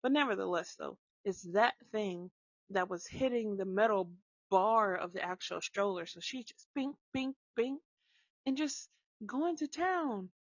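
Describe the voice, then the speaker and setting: A woman telling a casual story about her kids, animated, dropping into hushed whispers now and then. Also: medium pitch, measured pace, no echo. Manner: animated, drops to hushed whispers when acting out shushing. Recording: slightly dull lo-fi sound.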